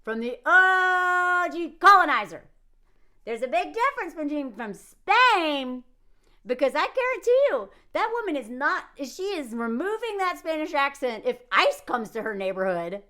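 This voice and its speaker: A woman from the United States giving casual, animated commentary, sarcastic and laughing often. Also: sits high, normal speed. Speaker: commentary vlogger.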